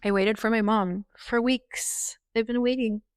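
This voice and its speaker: A woman's voice: a little high, fairly even intonation, unhurried, smooth, no echo, studio quality. A young adult woman hosting a podcast, venting in a raw, exasperated personal monologue with frequent swearing. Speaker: podcast host.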